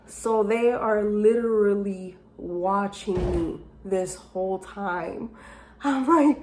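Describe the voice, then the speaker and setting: A woman casually telling a personal story to her viewers, animated and openly emotional, with many fillers and restarts. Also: medium pitch, slow pace. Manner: openly emotional and self-encouraging. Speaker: vlogger telling a life story.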